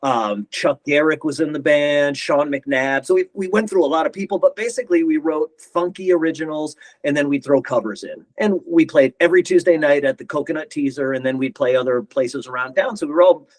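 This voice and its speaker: Speaking a little fast and a little high with hardly any pauses, a middle-aged guitarist appears as a guest in a casual interview. He tells rambling band anecdotes and performs the quotes himself. The recording is rough.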